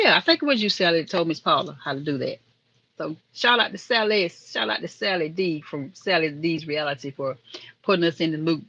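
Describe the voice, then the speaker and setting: A woman's voice: low-pitched, fairly bright tone, dull audio. Chatty woman live-streaming on a phone. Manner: chatty and rambling, talking straight to viewers in the live chat. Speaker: livestream host. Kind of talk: casual live-stream chat.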